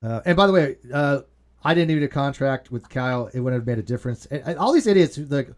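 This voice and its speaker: Fast-talking, animated man hosting a video chat. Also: medium pitch. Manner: rambling, profane, animated storyteller. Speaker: host. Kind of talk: casual group video chat.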